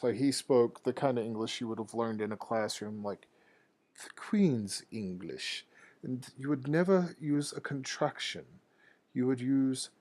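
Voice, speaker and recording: A man's voice: medium pitch, a little mellow. A man streaming a video game and telling a loose, profane anecdote in casual talk. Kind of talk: casual rambling anecdote over gameplay.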